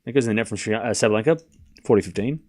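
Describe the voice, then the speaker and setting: A man's voice: lowish voice, very fast, a little mellow. A man hosting a live tennis watchalong stream. He calls the score between points and argues sarcastically with his chat. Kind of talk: live commentary and casual chat with viewers.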